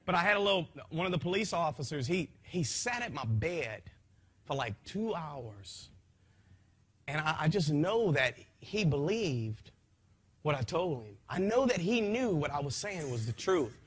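A man with a high, bright voice and a husky edge tells his testimony to a gathering. He talks in a folksy, rambling way with many restarts, and swings between quiet reflection and loud, impassioned bursts. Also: sing-song, unhurried. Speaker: speaker giving a testimony. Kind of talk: emotional spoken testimony to a gathering.

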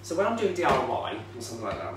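Animated man hosting a baking vlog. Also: mid-range voice, racing, music in the background. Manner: animated, jokey, swears freely. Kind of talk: casual cooking vlog banter. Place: home kitchen. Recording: echoey kitchen, distant mic, noisy.

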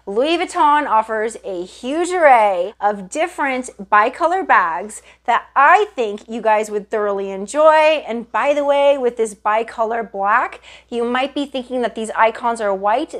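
Higher-voiced woman, bubbly and gushing, casual handbag review vlogger talking to her viewers. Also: lively intonation, unhurried, few pauses. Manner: gushing, enthusiastic, addresses viewers as "you guys". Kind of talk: casual product review vlog.

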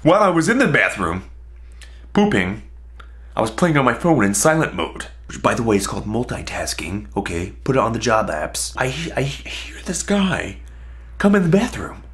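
Young man telling an animated comic story. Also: medium pitch, moderate pace. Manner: animated, exaggerated comic delivery. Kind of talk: comedic story monologue.

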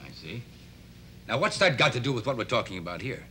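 A man's voice: mid-range voice, big pitch swings, fast talker, pushed and bright, slight background noise. A middle-aged actor playing a blunt, skeptical father in a 1960s TV drama, asking pointed questions.

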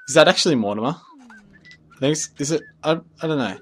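A young man giving rambling, jokey commentary over his own gameplay, easily excited. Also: fairly high pitch, fast. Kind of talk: casual let's play commentary.

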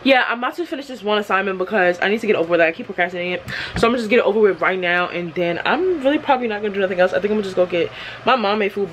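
A woman's voice: medium pitch, a little hiss or hum. A teenage girl vlogging on her phone, talking casually and expressively to her viewers in slangy speech. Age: teens. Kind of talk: casual vlog talk to camera.

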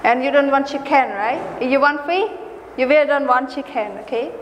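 A woman with a Khmer accent teaching an English lesson to children, slowly and patiently, spelling words out letter by letter. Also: sits high, big-room sound, slight background noise.

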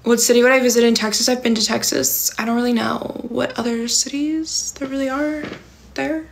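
A woman's voice: fairly high pitch, fairly even intonation, moderate pace, gravelly. Chatty young woman, lots of "like". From California. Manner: rambling and filler-heavy, many "like" and "um". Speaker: livestream host. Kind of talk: casual livestream chat, reading viewer comments.

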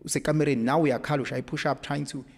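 A man with a South African accent, speaking as a podcast guest in an emphatic, animated storytelling way. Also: a little high, quick pace, gravelly. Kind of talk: casual conversation. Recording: echoey room with long reverb.

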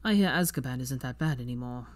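A reader doing a hushed, protective young man. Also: medium pitch, lively intonation, fast talker, no echo, pitched below the performer's own voice, natural voice. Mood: cold.

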